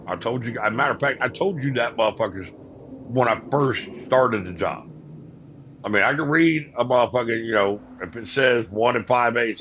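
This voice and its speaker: A man's voice: on the low side, slight background noise, low-quality recording. A man telling a story about his workday in a casual, blunt and profane manner. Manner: profane, blunt, animated retelling. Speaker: owner driver telling a work story.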